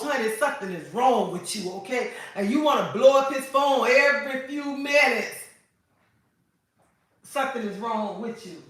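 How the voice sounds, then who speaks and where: A woman's voice: fairly high pitch, pushed and bright. A woman host chatting casually on a livestream, sassy and preachy, calling her viewers honey. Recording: echoey room, mic at a distance.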